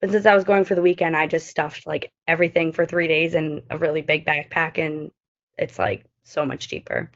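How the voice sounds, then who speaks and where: A woman's voice: deep voice, brisk, lo-fi sound. A young woman and study abroad alumna, chatting casually over a video call with lots of fillers. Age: young adult. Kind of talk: casual chat.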